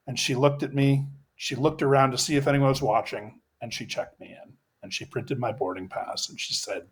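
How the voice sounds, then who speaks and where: A man's voice: medium pitch, fairly even intonation, normal speed, few pauses, slightly rough. A middle-aged man, an executive coach, telling a personal story in a podcast interview, reflective and earnest, with many fillers and restarts.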